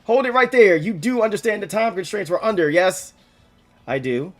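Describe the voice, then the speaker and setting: A man reading game dialogue aloud, voicing an excitable older male schemer who keeps shouting in exasperated bursts. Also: a little fast, faint music behind. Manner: shrill, panicked, exasperated outbursts.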